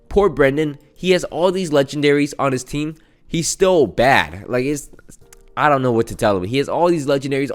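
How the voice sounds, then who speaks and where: A man giving a casual recap of a video game run, chatty and self-mocking as he rattles through each battle move. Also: fairly low pitch. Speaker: gaming channel host. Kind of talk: casual gameplay recap commentary.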